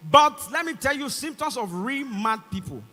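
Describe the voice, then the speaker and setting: A young Nigerian man doing stand-up with a very high, bright voice that jumps all over the place. He performs animatedly into a handheld mic and slips into voices and shouts. Long concert hall reverb trails every line. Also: expressive, normal speed. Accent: Nigerian English. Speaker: stand-up comedian. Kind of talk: stand-up comedy routine. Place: large concert hall stage.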